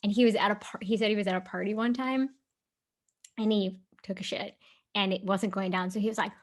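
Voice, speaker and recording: Young female co-host, casual storyteller, laughs often, middle pitch. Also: fairly even intonation, a little fast. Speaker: podcast co-host. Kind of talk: casual chat.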